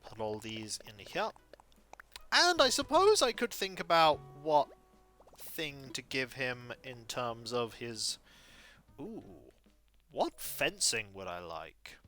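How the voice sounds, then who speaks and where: A man's voice: medium pitch, wildly swooping pitch, takes it slowly, bright, forceful tone. A man casually commenting as he plays a life-sim game on stream, chatting with viewers and muttering asides to himself.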